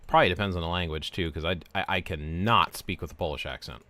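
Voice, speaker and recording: Low-voiced man in his forties streaming. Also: quick pace, no room sound. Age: 40s. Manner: relaxed, chatty, explains game steps while answering chat. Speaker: game streamer. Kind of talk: casual livestream chat.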